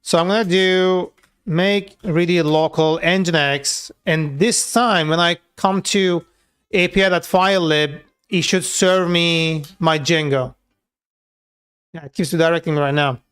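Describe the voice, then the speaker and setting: A man's voice: a little high, fairly even intonation, measured pace, a bit bright, clear, resonant tone. A man talking loosely through a live coding session, with many filler words and casual swearing. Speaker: software developer streaming his coding work.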